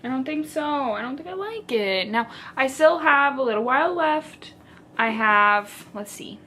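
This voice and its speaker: Bright, slow-talking young woman vlogger. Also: high-pitched, slight background noise. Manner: animated and dramatic, many filler "like"s. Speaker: book vlogger. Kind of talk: casual chat.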